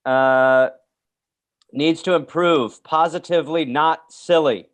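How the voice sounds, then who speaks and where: A man's voice: a little high, slow. Man rambling through funny school stories. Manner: rambling, jokey, reads aloud and acts out quotes. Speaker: podcast host. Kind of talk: casual storytelling chat.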